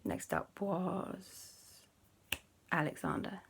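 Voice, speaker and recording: A woman narrating a children's story, animated and acting out sound effects. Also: lowish voice, extremely slow, background noise.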